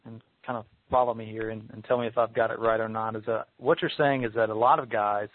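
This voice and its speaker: A man's voice: lowish voice, steady tone, fast, no room sound, phone-quality sound. A man hosting a podcast interview, thinking aloud hesitantly and repeating words. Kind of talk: interview conversation.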